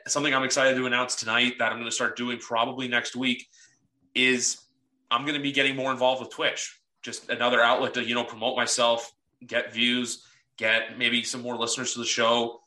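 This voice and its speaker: A man from Canada hosting a podcast, talking in a slow, reflective, casual way. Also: mid-range voice, bright, forceful tone. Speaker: podcast host. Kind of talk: casual chat. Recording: roomy echo.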